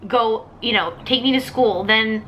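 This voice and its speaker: Young woman, bright voice, faint hiss. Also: fairly high pitch, unhurried, low-quality recording. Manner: chimes in with short agreeing replies. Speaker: vlog co-host. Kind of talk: casual chat.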